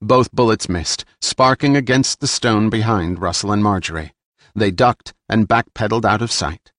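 A man reading an action novel aloud in steady, measured scripted narration. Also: on the low side, no room sound, clean studio sound. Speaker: audiobook narrator.

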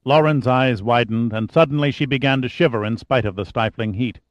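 A man's voice: medium pitch, fairly quick, no echo. Man narrating a thriller audiobook. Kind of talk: scripted narration. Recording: dry, slightly dull audiobook recording.

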